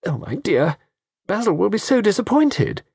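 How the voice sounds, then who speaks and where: An anxious, doting older mother, as a male reader voices her, pitched very high and full of indignation. The husky voice is recorded dry and close. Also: big pitch swings, normal speed, darkish tone, dry recording, heavily acted. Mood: distressed.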